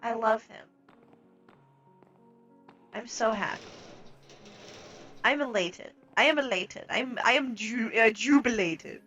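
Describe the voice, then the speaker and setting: A young woman streaming a game, chatting casually and gasping and squealing with excitement. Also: a little high, slow pace, long pauses, dull audio, soft background music. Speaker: streamer playing a multiplayer block game.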